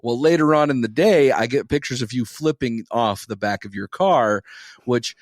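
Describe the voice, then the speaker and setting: Animated male podcast co-host, dry sound. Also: medium pitch, moderate pace, dry recording. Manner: animated storyteller, swears freely. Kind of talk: casual podcast banter.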